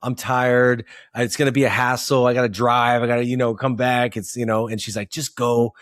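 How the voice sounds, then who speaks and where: A man's voice: medium pitch, little pitch movement, a little fast, a bit bright, no echo, clean studio sound. Easygoing male podcast host. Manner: easygoing, reflective, agreeing often. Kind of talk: casual interview. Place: podcast studio.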